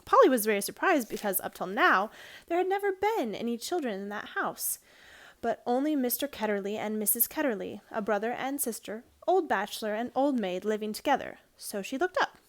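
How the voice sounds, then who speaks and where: A woman reading a children's storybook aloud in a gentle, clear way, now and then correcting herself. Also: fairly high pitch, lively intonation, a little fast.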